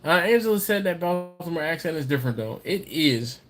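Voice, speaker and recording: A man's voice: a little high, animated, a little fast, fairly bright tone, soft background music. A man hosting a casual live stream, reading viewer comments aloud in a rambling, chatty way, often laughing and repeating his words. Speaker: livestream host reading viewer chat.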